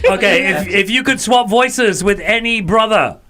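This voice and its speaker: A man hosting a casual radio interview in a studio, chatty and quick to chime in with agreement. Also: high voice, a loud crowd. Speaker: radio host.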